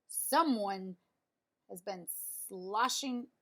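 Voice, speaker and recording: A woman doing a gruff papa bear. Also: mid-range voice, a bit bright. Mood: indignant. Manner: roaring, slow and heavy. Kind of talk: storybook read-aloud.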